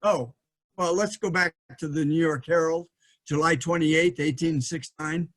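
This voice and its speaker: Brief: middle-aged male lecturer, voice a touch high, halting delivery with many ums and restarts. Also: steady tone, a bit bright. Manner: thinking aloud, frequent fillers and restarts. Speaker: historian giving a lecture. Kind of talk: lecture presentation with slides.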